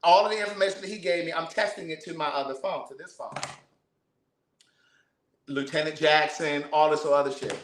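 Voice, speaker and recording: A man, telling a story to camera in a sassy, profane, animated way. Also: fairly high pitch, a little fast, pauses often, reverberant, a little hiss or hum. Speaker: vlogger. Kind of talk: casual storytelling.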